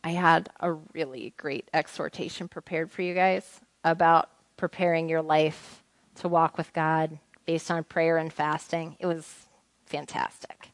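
Low-pitched and fairly flat in pitch, a woman teaches scripture at a measured pace in an informal group setting. She reads verses aloud and asks the group questions conversationally; the audio is close and dry with no room sound.

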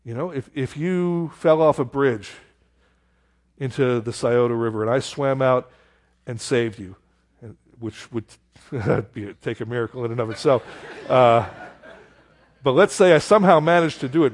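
Animated pastor preaching. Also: male voice, fairly high pitch. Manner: animated and conversational, rhetorical questions, exclaims "how stupid". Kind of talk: expository sermon.

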